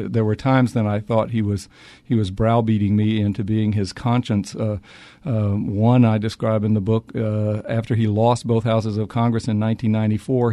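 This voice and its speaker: A man's voice: fairly low pitch, mellow, no echo. A man, an author answering interview questions with many restarts and fillers. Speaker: author and historian.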